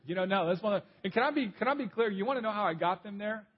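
A man's voice: sits high, lively intonation, racing, breathy edge, muffled recording. A pastor preaching a sermon in a conversational, storytelling way, repeating his key points.

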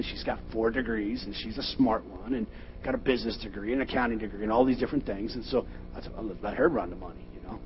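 A middle-aged man preaching a sermon in a low voice, animated and quick to burst out loud when acting out arguments. The recording is dull and lo-fi, with a faint hum underneath. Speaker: pastor.

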